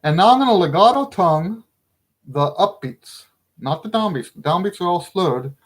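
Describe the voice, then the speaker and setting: A middle-aged man gives a relaxed trumpet lesson in a casual, talkative way. His voice sits a little above the usual male range, and he leans hard on his points, often breaking into a laugh. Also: sits high, normal speed. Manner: chatty, emphatic, laughs often. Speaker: trumpet teacher.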